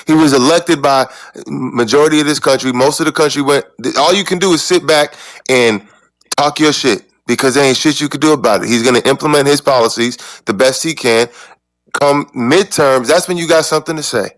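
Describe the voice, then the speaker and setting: A man co-hosting a podcast, arguing loudly and insistently in a heated debate. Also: mid-range voice, fairly quick, no room sound. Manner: loud, insistent, yelling. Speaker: podcast co-host.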